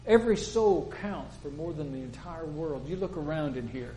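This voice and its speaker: Older male preacher, slightly high-pitched, folksy storytelling sermon delivery. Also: normal speed, slight background noise, poor audio. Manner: plain-spoken storytelling preacher, quotes people in lively voices.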